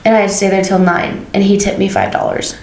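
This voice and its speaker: A young woman hairstylist chats on a podcast and tells a story with lively swings in her voice, acting out the people she talks about. The room sounds echoey, with a faint hiss behind her. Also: medium pitch, fast talker. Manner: animated, acts out quoted dialogue, laughs often. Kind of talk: casual storytelling chat.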